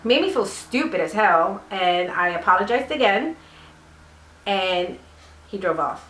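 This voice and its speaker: Woman, casual storytime vlog, rambling, lots of fillers, mid pitch, echoey room. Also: lively intonation, a little slow, fairly bright tone, a little hiss or hum. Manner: chatty, rambling, many fillers. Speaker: vlogger. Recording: roomy echo.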